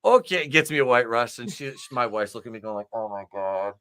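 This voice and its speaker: A man's voice: mid-range voice, fast talker, bright, forceful tone. A man co-hosting a casual podcast from his home media room, a rowdy storyteller who swears and acts out quotes. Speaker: podcast co-host. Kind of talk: casual chat.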